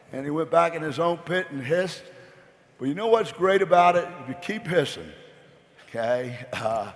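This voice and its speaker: Folksy rambling guy giving a convention speech, high voice, big echoey hall. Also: vocal fry. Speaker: convention keynote speaker. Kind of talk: motivational storytelling speech. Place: large convention hall stage.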